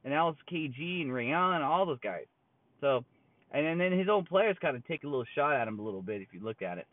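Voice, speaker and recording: A man's voice: fairly high pitch, expressive, fast, no echo. Guy ranting about sports, blunt and rambly, tinny phone-ish sound, dry. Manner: rambling, blunt, frequent fillers and restarts. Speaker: sports commentator. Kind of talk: casual sports opinion rant.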